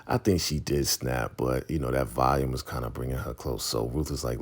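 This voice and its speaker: A man's voice: very deep voice, normal speed. A man casually recapping a TV episode, retelling scenes and acting out the characters' lines. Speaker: TV show recap host.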